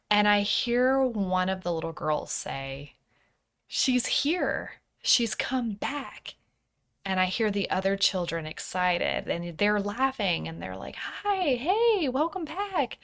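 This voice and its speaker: A woman in her thirties hosting a personal podcast, speaking softly and thoughtfully, sometimes dropping to a whisper. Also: lowish voice. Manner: soft-spoken, introspective, slips into whispers. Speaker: podcast host. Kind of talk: personal reflective podcast monologue.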